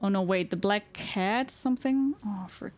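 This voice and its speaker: A woman's voice: medium pitch, faint music behind. Chatty woman streaming a game. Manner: chatty, reads game text aloud, quick excited reactions. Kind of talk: live-stream gameplay commentary.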